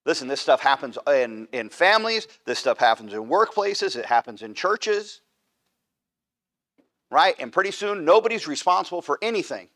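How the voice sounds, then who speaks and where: A man's voice: on the high side, sing-song, normal speed, fairly bright tone. A man teaching an adult Bible class in a church, emphatic and repetitive, often checking in with "right?". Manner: emphatic, repeats points with "right?". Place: church room.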